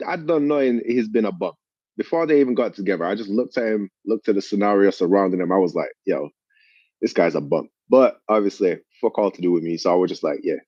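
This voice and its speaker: A man telling an animated story in casual chat, swearing a lot. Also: fairly low pitch, dry recording, dull audio.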